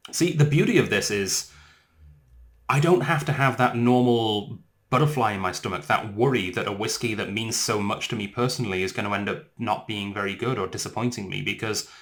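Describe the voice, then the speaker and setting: A man with an English accent, hosting a casual whisky tasting vlog in an excitable, enthusiastic way. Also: lowish voice. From England. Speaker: whisky reviewer.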